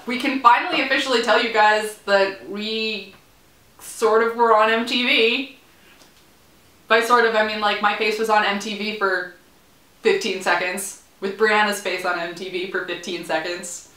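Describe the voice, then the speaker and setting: A woman's voice: medium pitch, bright, forceful tone, reverberant. A young woman chatting casually as she recaps a TV episode, rambling with playful asides. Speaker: vlogger. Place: room in a student building.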